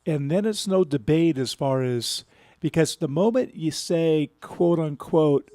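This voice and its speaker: A man who coaches, giving thoughtful, measured advice in a casual radio chat. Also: fairly high pitch, dark tone, dry recording.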